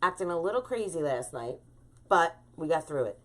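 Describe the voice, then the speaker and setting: A woman's voice: deep voice, animated, normal speed. Chatty woman hosting a craft live stream. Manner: talkative, greets viewers by name.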